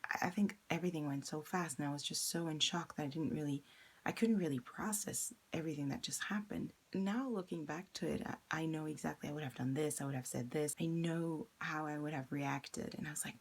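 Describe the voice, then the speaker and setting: A woman's voice: low voice, brisk, husky. A young woman candidly recounting a personal experience in a vlog, acting out the quoted lines as she retells them. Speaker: vlogger.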